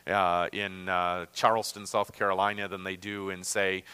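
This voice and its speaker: A man's voice: sits low, level tone, moderate pace, sharp tone, clean tone, long reverb tail. A man with a Great Lakes American accent teaching a Bible lesson, talking conversationally with frequent fillers and restarts.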